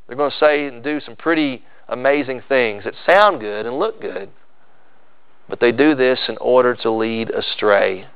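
A man preaching a sermon with emphatic delivery, swinging into loud, high bursts on key phrases. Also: normal speed, smooth, lo-fi sound. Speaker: pastor.

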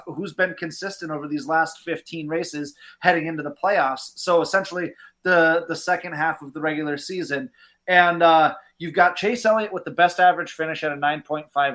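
A man's voice: on the high side, fairly bright tone. Methodical man reeling off stats. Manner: methodical, lists numbers. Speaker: stats analyst co-host. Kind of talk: casual chat.

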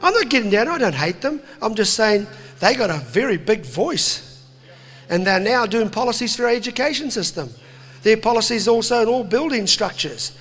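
A man preaching to a crowd, animated and jokey, slipping into voices. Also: very high voice, in a large hall. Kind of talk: impassioned sermon to a crowd.

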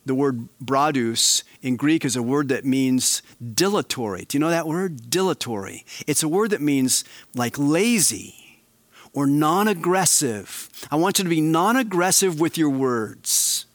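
A male pastor preaching a sermon, swinging between quiet, slow emphasis and animated, raised passages. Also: on the high side, no echo.

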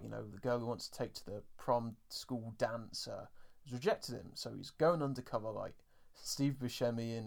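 A man's voice: medium pitch, gravelly. A man co-hosting a podcast, chatting casually with lots of fillers about an episode. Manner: chatty, many fillers, acts out quoted lines. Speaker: podcast co-host. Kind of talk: casual episode review chat.

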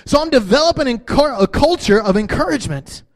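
Male pastor with a high, expressive voice, swings between soft talk and shouted passages. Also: brisk. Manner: animated preaching, swinging from quiet to shouting. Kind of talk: sermon.

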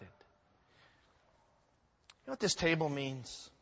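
A man's voice: on the high side, expressive, slow, a bit bright, husky. A male pastor preaching a sermon, telling stories animatedly with joking asides. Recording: echoey hall, dull sound.

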